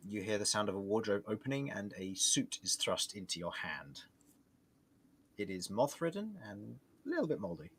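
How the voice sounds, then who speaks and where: A man narrating a tabletop game as game master, lively and laughing often. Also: lowish voice, moderate pace, breathy edge. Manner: lively, laughs often while describing scenes.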